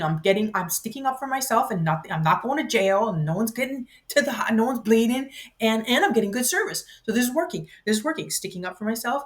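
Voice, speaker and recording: Animated woman in her fifties telling a story. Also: fairly high pitch, fast talker, few pauses. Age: 50s. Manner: animated, acts out her own voice and others' in the story; rambling, self-interrupting. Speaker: vlogger. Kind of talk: personal storytelling.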